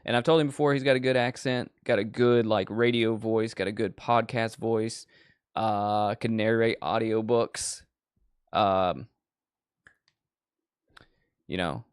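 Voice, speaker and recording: A man hosts a horror movie show and rambles from tangent to tangent with plenty of swearing. His voice sits low and sounds dry and close. He keeps the story going in a loose, animated way. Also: unhurried, long pauses, clean tone, dry recording. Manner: profane, digressive, animated storyteller. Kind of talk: casual rambling chat.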